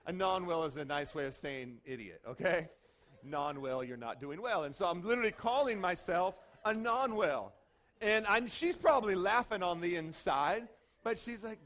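A man's voice: a little high, normal speed. A man who is a pastor, preaching in a conversational way, telling stories with many "okay?" and "right?" asides. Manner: animated storyteller, frequent "okay?" and "right?" asides. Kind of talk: conversational sermon with acted-out stories.

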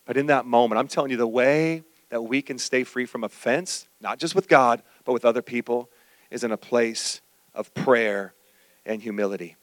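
A male pastor preaching a sermon, telling a personal story with animated, acted-out quotes. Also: medium pitch, normal speed, no echo.

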